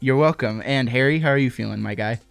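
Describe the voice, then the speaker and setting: A man's voice: mid-range voice, quick pace, vocal fry, clear, resonant tone, soft background music. A man hosting a podcast interview over a video call, chatting in a jokey, self-deprecating way. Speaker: podcast host. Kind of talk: casual interview chat.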